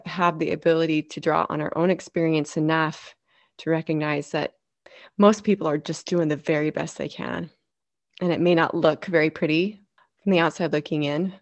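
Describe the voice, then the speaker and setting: Woman, interviewer, reflective, deep pitch, dry recording. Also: dry recording. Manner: compassionate, reflective questioning. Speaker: podcast host.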